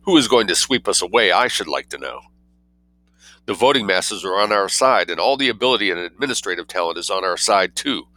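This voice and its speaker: A man's voice: low-pitched, expressive, brisk, pushed and bright, no echo. A man voicing a pompous young cabinet minister whose words come out condescending and spasmodic. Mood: scornful.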